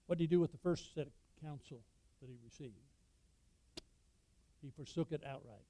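A man preaching a sermon, reading scripture and explaining it with sudden loud emphasis. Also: a little high, normal speed, a little hiss or hum, rough recording. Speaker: pastor.

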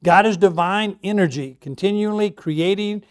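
A man's voice: high-pitched, moderate pace, clean tone. A man pastor preaching a sermon in a conversational way, putting questions to his congregation.

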